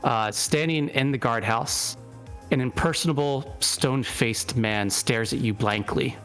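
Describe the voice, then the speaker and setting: A man's voice: mid-range voice, a little slow, fairly bright tone, soft background music. A man narrating a tabletop game as game master, describing scenes and making friendly rulings.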